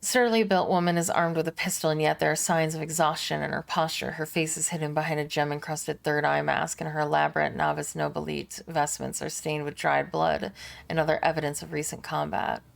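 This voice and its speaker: A woman streamer reads a game's narration aloud in a steady, even voice. Her tone is low with a gravelly fry. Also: brisk. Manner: steady narrative reading with casual asides. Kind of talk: reading game narration aloud.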